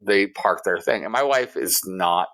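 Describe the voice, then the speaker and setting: A man's voice: deep voice, unhurried, fairly bright tone. A man co-hosting a casual podcast, telling a story in a heated, profane way. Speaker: podcast co-host.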